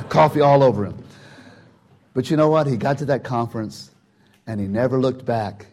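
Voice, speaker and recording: A man's voice: medium pitch, moderate pace, slight background noise. Older man telling a chatty sermon story. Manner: chatty and warm, acts out quotes, frequent "you know" and restarts. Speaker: church speaker telling a testimony.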